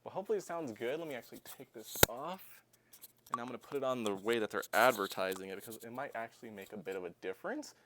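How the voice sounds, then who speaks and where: A man's voice: mid-range voice, fast talker, background noise. A man hosting a product review vlog, talking casually and upbeat while demonstrating the gear hands-on. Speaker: tech reviewer. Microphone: clip-on lavalier.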